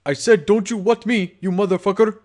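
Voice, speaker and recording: A man's voice: high-pitched, brisk, a little mellow, pitched above the performer's own voice, close to an everyday voice. A man voicing a menacing, crude male pony gangster in a fan audiobook, taunting and swaggering. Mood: furious.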